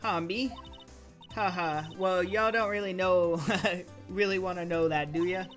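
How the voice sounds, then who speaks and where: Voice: mid-range voice, fairly even intonation, unhurried, fairly bright tone, faint music behind, natural voice. A streamer voicing a brash, feisty Southern country woman photographer from a game, with a put-on Southern drawl and folksy talk. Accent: put-on American Southern drawl. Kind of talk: reading game dialogue aloud on stream.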